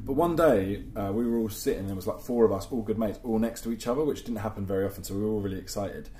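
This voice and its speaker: Young bloke on a podcast, telling funny stories, swearing a lot, laughing, kinda echoey room. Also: male voice, on the low side, fast, slight background noise. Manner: animated, swearing, laughing through anecdotes. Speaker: podcast host. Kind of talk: casual storytelling chat.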